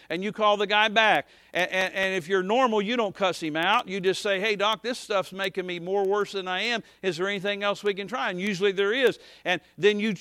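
High-pitched bright preacher. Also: male voice, no echo, clean studio sound. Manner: folksy, rambling, swings from soft to shouting. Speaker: pastor. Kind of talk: sermon.

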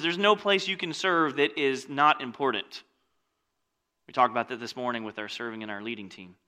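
A male pastor delivering a sermon with a bright, forceful tone and a voice pitched a little high. He talks casually, dropping joking asides between passages of scripture. His delivery swings from loud, lively stretches to quiet ones.

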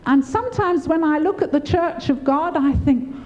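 A woman's voice: moderate pace, highs cut off. An older woman preaching a sermon, encouraging and often laughing as she speaks. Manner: warm, laughing, encouraging, lively pitch swings.

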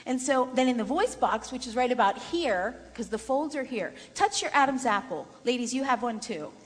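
A woman leading a voice workshop for singers in a chatty, lively way with frequent laughter. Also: a little high, moderate pace. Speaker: vocal coach. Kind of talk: voice workshop lesson. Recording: long reverb in a large room.

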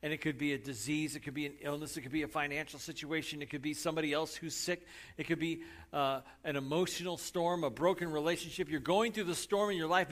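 A male pastor delivering a sermon in a somewhat high voice. His delivery is dramatic, sinking to near-whispers and then climbing to forceful emphasis. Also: fairly even intonation, fast talker. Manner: dramatic delivery, from hushed asides to raised emphasis.

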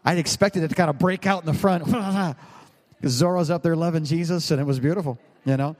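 A middle-aged male pastor preaching a sermon in a relaxed, joking, rambling way, with asides to the congregation. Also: on the high side, fast talker. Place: large church hall. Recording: long hall reverb.

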